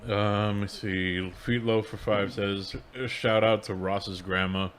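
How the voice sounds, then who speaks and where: Deep, flat-voiced man reading donations. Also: slow pace, slight background noise. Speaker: co-host reading viewer donations. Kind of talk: casual livestream chat.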